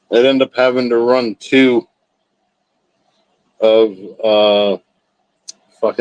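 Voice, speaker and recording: A man of middling pitch rambles through casual stories, dropping curse words as easily as fillers. He sounds close to the mic in a dry, deadened room. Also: no echo, rough recording. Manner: rambling, profane, laid-back storytelling. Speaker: livestream host. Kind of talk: casual chat with live chat.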